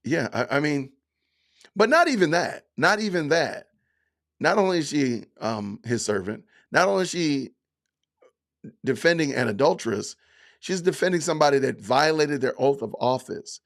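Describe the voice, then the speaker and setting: A man's voice: a little high, expressive, gravelly, fairly bright tone. A man hosting a livestream podcast, chatting loosely with his viewers. He reads out commenters by name and reacts in a sarcastic, mock-offended way, leaning hard on his words and drawing them out. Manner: sarcastic mock-offended, drawn-out emphatic delivery; addresses chat commenters by name. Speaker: podcast host reading live chat.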